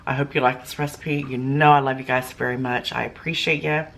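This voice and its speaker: A woman's voice: very deep voice, fairly even intonation, quick pace, vocal fry, a bit bright, slight background noise, low-quality recording. Gushing woman cooking at home. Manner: chatty and gushing, talks with mouth full. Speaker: home cooking show host. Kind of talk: casual cooking demonstration. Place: home kitchen.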